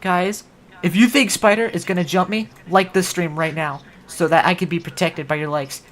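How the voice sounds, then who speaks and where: A woman's voice: on the low side, fairly even intonation, normal speed. A woman hosting a livestream, chatting casually and rambling with many "like" fillers. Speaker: livestream host. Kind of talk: casual stream chat.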